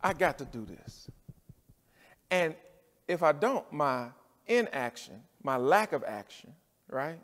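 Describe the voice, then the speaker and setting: A pastor preaching a sermon with a rhythmic cadence, dropping to near-quiet and rising to shouts. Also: male voice, on the high side, big pitch swings, slow, pauses often, in a large hall.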